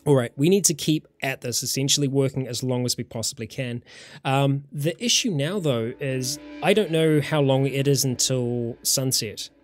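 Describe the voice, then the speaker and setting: A man's voice: medium pitch, moderate pace, no echo, soft background music. A man from New Zealand with a New Zealand accent, casually commenting on a survival game during a live stream and chatting with viewers.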